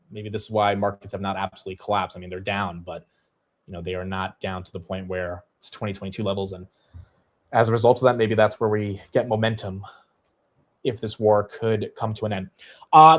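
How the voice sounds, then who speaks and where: A man hosting a livestream, giving casual, energetic market commentary with many fillers. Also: on the low side. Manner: conversational, energetic, fillers like "you know". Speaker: stock market show host.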